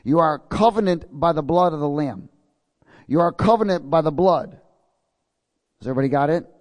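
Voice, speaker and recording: A man's voice: a little high, lively intonation, moderate pace. A man preaching a sermon in a folksy way, reading scripture and checking in with his congregation.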